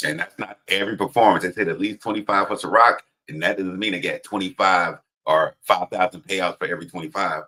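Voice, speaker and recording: Deep-voiced laid-back man podcaster. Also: fairly even intonation, fairly quick, hardly any pauses, pushed and bright. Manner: laid-back, chiming in with short agreements. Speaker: podcast co-host. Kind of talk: casual podcast chat.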